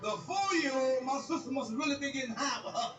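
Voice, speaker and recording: A man doing stand-up comedy, telling stories in a loud, crude, animated rant before a live audience. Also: very high-pitched, fairly quick, noisy background. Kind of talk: profane stand-up storytelling. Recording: echoey live recording from far off.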